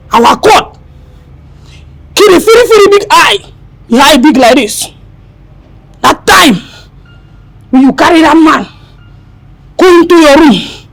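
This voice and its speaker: A woman's voice: very high-pitched, animated, slow pace, gravelly, pauses often, heavy background noise, exaggerated voice. An actress with a Nigerian accent playing a devout, dramatic young housemaid who wails and preaches at her employer. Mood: preaching. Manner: wailing outbursts, preachy, mixes in Pidgin. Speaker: maid.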